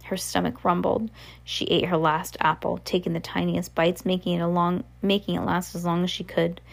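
A woman reads a children's novel aloud in a relaxed, homespun manner, correcting her slips as she goes. Her voice is low-pitched with plenty of gravelly fry. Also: moderate pace. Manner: casual, unpolished read with self-corrections. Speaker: reader.

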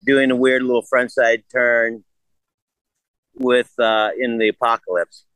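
A man's voice: mid-range voice, level tone, measured pace, fairly bright tone, smooth, no room sound, low-quality recording. An older man in a casual interview, blunt and profane, rambling through stories. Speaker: guest.

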